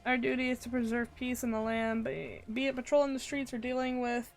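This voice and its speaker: A woman's voice: fairly high pitch, flat delivery, a little fast, soft background music, natural voice. A woman voicing a determined frontline soldier man in a fantasy game, asking questions and vowing to fight. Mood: earnest.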